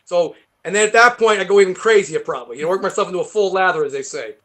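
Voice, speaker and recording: A man with a heavy New York accent, a guest guitarist rambling through animated stories in a casual interview. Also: high voice, rapid-fire. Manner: rambling, animated storytelling with many fillers.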